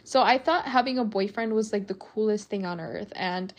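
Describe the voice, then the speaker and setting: A woman's voice: mid-range voice, moderate pace. A woman in her twenties hosting a casual solo podcast, candid and chatty, swearing freely and using lots of fillers. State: out of breath. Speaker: podcast host. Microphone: podcast mic, partly faulty.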